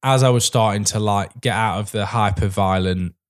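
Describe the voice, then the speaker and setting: A man's voice: on the low side, moderate pace. A man co-hosting a podcast in casual chat, rambling with many fillers and casual swearing. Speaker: podcast co-host.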